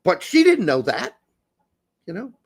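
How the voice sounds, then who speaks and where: High, lively-voiced joking man. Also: a little slow, breathy edge. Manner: joking, laughs often, rambling asides. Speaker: co-host. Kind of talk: casual podcast chat.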